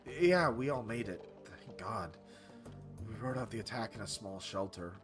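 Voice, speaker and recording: A man voicing a shaken middle-aged male disaster survivor who speaks in a halting, hushed way. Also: fairly low pitch, animated, over music, lightly acted. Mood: haunted, hushed.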